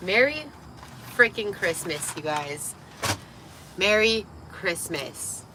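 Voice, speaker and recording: A tipsy woman livestreaming from a parked vehicle, giggling, swearing freely and getting excitable, her voice partly lost. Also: fairly low pitch, slow pace, background noise. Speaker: livestream host. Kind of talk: tipsy casual livestream chat.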